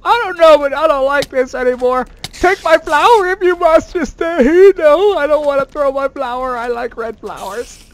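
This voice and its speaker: A man doing let's play commentary as a gaming host, excitable and quick to swear, yelling at sudden scares and bragging playfully. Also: very high voice. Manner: playfully boastful.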